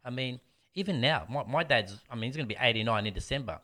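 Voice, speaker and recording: A man's voice: mid-range voice, quick pace. A man, a martial arts teacher telling stories bluntly in casual interview chat. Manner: animated storyteller, blunt.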